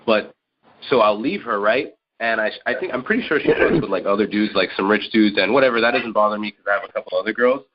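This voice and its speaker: A man's voice: on the low side, fast, lo-fi sound, a little hiss or hum. A man calling in to a podcast, rambling through his question and saying "like" a lot. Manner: rambling, heavy use of "like". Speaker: caller. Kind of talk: casual question to hosts.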